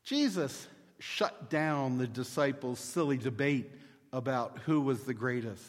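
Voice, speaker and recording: A male pastor preaching a sermon in a measured, storytelling manner. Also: medium pitch, long reverb tail.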